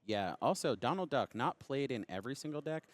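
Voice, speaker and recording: A man's voice: mid-range voice, very animated, fairly quick, dry recording. A man giving conversational, analytical color commentary on a card game tournament, drawing on his own play.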